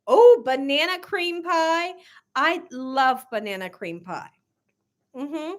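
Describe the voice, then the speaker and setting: A woman's voice: high-pitched, lively intonation, takes it slowly. A woman hosting a casual cooking livestream, chatty and laughing often as she reads viewer comments aloud. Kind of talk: casual live chat reading viewer comments.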